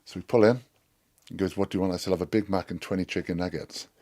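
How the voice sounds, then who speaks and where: A Welsh man spins a rambling story, swearing freely and slipping into the voices of the people in it. His voice sits very low. The sound is dry and close, with no room around it. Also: fairly even intonation, fast, mellow, no echo. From Wales. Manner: rambling, profane, acts out others' lines. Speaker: former rugby player. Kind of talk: storytelling anecdote.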